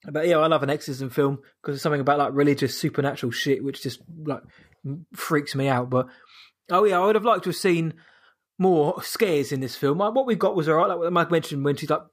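A man chatting casually as a podcast co-host, often stopping and restarting his sentences. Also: on the high side. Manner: halting, many restarts and fillers. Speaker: film review podcast co-host. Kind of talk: casual chat.

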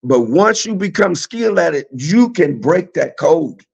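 A man's voice: a little high, expressive, unhurried, vocal fry, a little mellow, breathy edge. A man guest on a podcast, talking reflectively about spiritual matters with frequent "you know". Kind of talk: casual chat. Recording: dull lo-fi sound.

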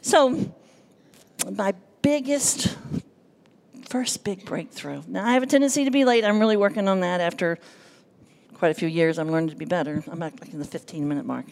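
A nervous woman giving a personal testimony to a congregation, animated and self-deprecating, acting out the voices in her story. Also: lowish voice, normal speed, vocal fry. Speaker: church speaker giving testimony.

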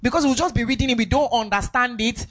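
A woman's voice: a little high, quick pace, a bit bright. A woman preaching a sermon, emphatic and repetitive, with sing-song rises in her voice.

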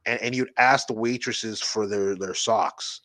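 A man's voice: lowish voice, fairly even intonation, a little slow, a bit bright, no echo. A man co-hosting a podcast, telling rambling crude stories with lots of swearing and acted-out quotes. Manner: rambling storyteller, swears a lot, acts out quotes. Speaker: podcast co-host. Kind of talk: crude casual chat.

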